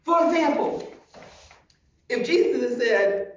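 A woman's voice: on the high side, animated, unhurried, pauses often, highs cut off. A woman pastor preaching a sermon, emphatic and full of rhetorical questions, recorded from a distance in a large church hall.

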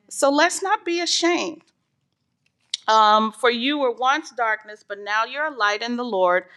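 A woman's voice: a little high, pushed and bright. A woman teaching an informal church Bible lesson, reading scripture and explaining it earnestly, with frequent "um" fillers. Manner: reads scripture aloud, then explains it.

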